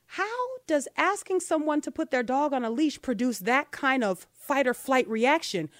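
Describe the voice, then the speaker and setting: A woman's voice: sits high, normal speed, no room sound, clean studio sound. A woman hosting a talk show, giving emphatic opinion commentary and tossing in rhetorical "right?" questions.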